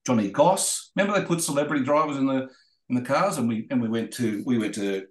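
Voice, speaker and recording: An Australian man, a guest racer, telling rambling, animated anecdotes in a podcast interview. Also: medium pitch, fast, reverberant. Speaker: guest racing driver.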